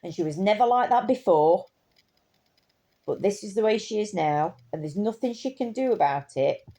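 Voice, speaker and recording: A woman's voice: mid-range voice, expressive, normal speed, warm tone. A woman telling a story in a casual, impassioned way, indignant and rambling with restarts.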